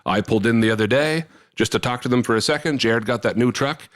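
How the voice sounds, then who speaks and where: A man's voice: mid-range voice, fast. A man co-hosting a podcast, telling funny stories with a laugh and acting out the voices of the people in them. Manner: animated, laughing often, acting out quoted voices. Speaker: podcast co-host. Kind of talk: casual chat, comic storytelling and live ad read.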